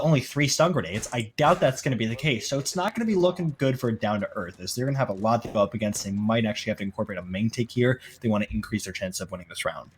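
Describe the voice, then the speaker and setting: A male esports caster who swings between loose, joking banter and quick play-by-play calls. His voice sits at a middling pitch. A faint hiss of noise runs underneath. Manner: joking, rambling banter turning to fast excited calls.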